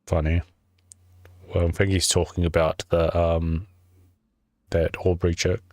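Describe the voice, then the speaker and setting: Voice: deep voice, flat delivery, unhurried, darkish tone, dry recording, studio quality. A streamer making casual, offhand remarks while playing a story game. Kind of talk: gaming stream commentary.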